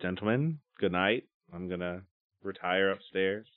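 A man playing a tabletop game in character, animated and laughing now and then. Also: low voice, a little slow. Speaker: player. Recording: tinny phone-like line.

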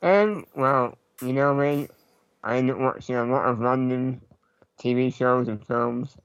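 A man chatting casually as a podcast co-host, relaxed and rambling, with many pauses. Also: mid-range voice, clean tone, no room sound. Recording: slightly dull lo-fi mic.

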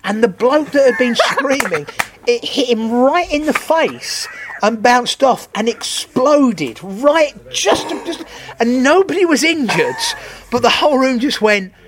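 A man's voice: very high voice, a little slow, noisy background. A man, a stand-up comedian, chatting casually and acting out stories with laughter and swearing. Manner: animated storyteller acting out crowd voices, swearing, laughing often. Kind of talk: casual chat, anecdotes.

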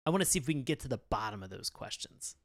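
A man's voice: medium pitch, big pitch swings, racing, no room sound, clean studio sound. A man hosting a podcast, earnestly steering the conversation between co-hosts. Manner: earnest, guiding the discussion. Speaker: podcast host. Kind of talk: casual chat.

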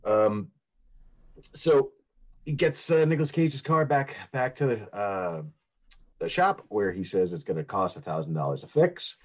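A man co-hosting a podcast casually recaps a movie, rambling and giggling with lots of fillers and restarts. His voice is fairly low and sing-song, at a measured pace, and the recording is muffled.

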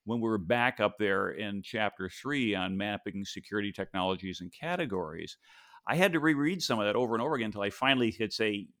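A man's voice: fairly low pitch, lively intonation, fast talker, a bit bright, no echo, studio quality. A man hosting a podcast, talking thoughtfully and rambling a little, with fillers and restarts, over a video call from a home office. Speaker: podcast host. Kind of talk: casual conversational discussion.

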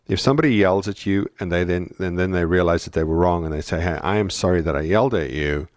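A man with a very deep voice co-hosts a parenting podcast. He explains things earnestly and keeps checking in with his listeners. The sound is dry and close. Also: fast talker, few pauses, dry recording. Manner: earnest explaining, frequent "right?" tag questions. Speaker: podcast co-host. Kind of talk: casual parenting podcast chat.

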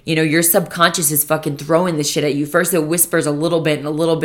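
Low-voiced, cursing young woman podcaster. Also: little pitch movement, fast talker, hardly any pauses. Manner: rambling and profane, with many "like" fillers. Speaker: podcast host. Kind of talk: casual solo podcast monologue. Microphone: podcast microphone.

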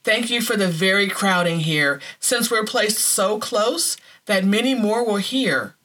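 A woman reading the part of a devout, serene older sister who speaks gently and matter-of-factly. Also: mid-range voice, a little slow. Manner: gentle, matter-of-fact, quietly insistent.

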